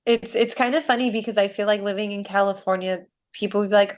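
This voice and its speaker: A woman from Arizona hosts a casual podcast chat. Her voice sits at a middle pitch. She talks in a chatty way, with quick laughs and easy fillers. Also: little pitch movement. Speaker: podcast host.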